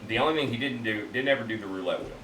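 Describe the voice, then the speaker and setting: A man calmly telling a family story in casual bar chat. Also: mid-range voice, rapid-fire, slight background noise. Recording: roomy, distant mic with faint ambience.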